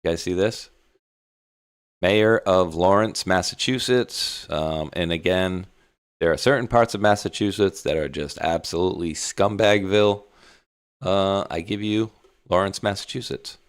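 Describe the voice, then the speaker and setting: A man's voice: low voice, measured pace, clear, resonant tone, no room sound, clean studio sound. A man co-hosting an online talk show in a laid-back, rambling, mocking way. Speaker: co-host. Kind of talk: casual chat.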